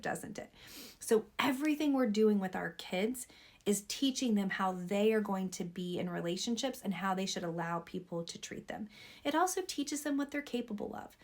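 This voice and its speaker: Earnest woman with a gravelly edge. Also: medium pitch. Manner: earnest, advising parents directly. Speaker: pediatrician. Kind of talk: talking to camera.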